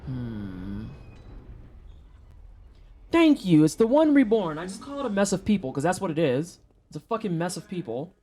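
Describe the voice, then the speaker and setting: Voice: mid-range voice, sing-song, normal speed, long pauses, dark tone, a little hiss or hum. A streamer chatting casually with viewers during a gameplay session, swearing freely and joking around. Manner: profane, joking, talks to chat. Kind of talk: casual livestream chat while gaming.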